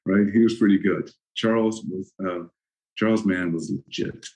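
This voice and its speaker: Older male guest, low voice, chatty storyteller who laughs a lot and acts out moments. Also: fairly even intonation, moderate pace, a little mellow, low-quality recording. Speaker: former pro football player, guest. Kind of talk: casual interview storytelling.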